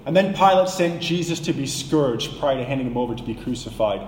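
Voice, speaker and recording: A man preaching a sermon, dramatic and rising to shouts when he quotes a crowd. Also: mid-range voice, expressive, brisk, slight background noise. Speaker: pastor. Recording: echoey hall with long reverb.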